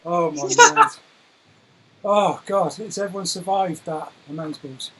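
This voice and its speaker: A man's voice: high voice, measured pace, noisy background. A British man hosting a casual online show, chatty and full of fillers. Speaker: host. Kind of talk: casual chat.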